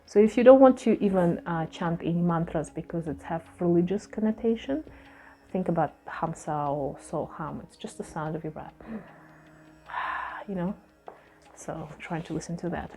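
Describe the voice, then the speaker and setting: Woman, yoga teacher, soft-spoken, lower voice, reads then explains. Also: moderate pace, husky, soft background music. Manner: soft-spoken, alternates reading aloud with loose explanation, light laughs. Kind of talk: spiritual lecture reading and explaining a text.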